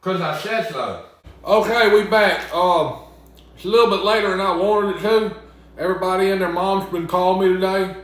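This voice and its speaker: Joking Southern young man, booming echo. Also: moderate pace, a bit bright, slight background noise. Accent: Southern US (Mississippi). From Mississippi. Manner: chatty, joking, talks back to imagined critics. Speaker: cooking vlogger. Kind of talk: casual cooking vlog. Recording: very echoey room.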